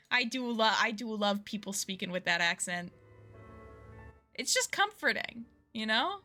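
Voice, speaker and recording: A chatty woman streamer gushes and giggles over her gameplay. Her voice is bright and very animated, leaping around in pitch. Faint game music plays behind her. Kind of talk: casual gameplay commentary.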